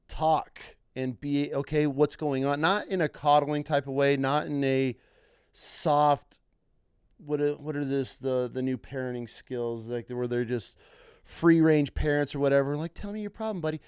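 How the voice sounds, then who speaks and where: A man's voice: medium pitch, darkish tone, clean tone, no room sound, clean studio sound. A man hosting a podcast interview, asking long, thoughtful questions with frequent restarts. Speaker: podcast host. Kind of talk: casual interview chat.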